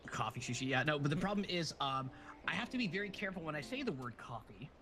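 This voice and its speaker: A man from Rhode Island, a guest in casual chat, rambling with many pauses and fillers. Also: on the high side, sing-song, music in the background. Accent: Rhode Island, mostly suppressed. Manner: rambling, many ums and uhs. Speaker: guest streamer.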